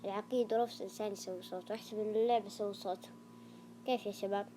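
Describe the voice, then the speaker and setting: A woman host tossing off quick, casual remarks between clips. Her voice runs fast and mellow, a little higher than most. A faint hum sits behind her. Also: steady tone. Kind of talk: casual commentary.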